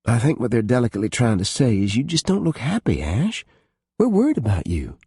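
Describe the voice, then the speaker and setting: A man voicing a gentle, tactful young woman friend in an audiobook, speaking in a reassuring way. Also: medium pitch, sing-song, a little fast, slightly rough, no echo, studio quality, voice pushed up, full character voice. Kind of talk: audiobook character voice.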